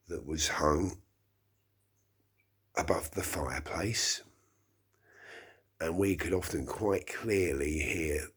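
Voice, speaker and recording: A middle-aged man hosting a solo early-morning podcast from his flat, talking in a slow, rambling, reflective way with sighs. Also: sits low, breathy edge. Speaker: podcast host. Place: small flat indoors.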